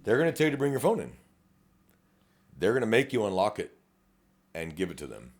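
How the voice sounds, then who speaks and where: A man's voice: fairly low pitch, sing-song, brisk, noisy background. A middle-aged man with a South Texas accent, a police officer co-hosting a casual podcast, blunt and profane, acting out quoted exchanges. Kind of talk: casual chat.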